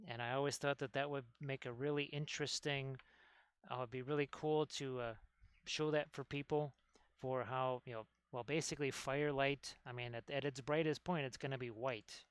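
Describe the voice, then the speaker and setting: Smooth-voiced man chatting while painting. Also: medium pitch, fairly even intonation, normal speed, no room sound. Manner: rambling, talks while working, chats with viewers. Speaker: miniature painting streamer. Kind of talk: casual painting tutorial chat.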